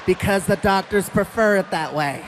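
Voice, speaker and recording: A bored, deadpan clinic receptionist rattles off instructions, as a male comedian puts her on. The voice sits high and stays flat and businesslike. It is caught on a stage mic with steady crowd noise behind it. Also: normal speed.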